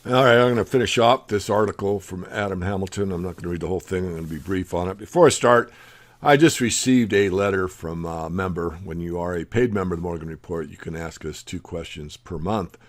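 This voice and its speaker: A man with a very low voice reads out news items and breaks off to comment on them. He drops his pitch and volume at the ends of phrases, and his asides come across as blunt and opinionated. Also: fairly quick. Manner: opinionated asides between read-out headlines. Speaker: newsletter host.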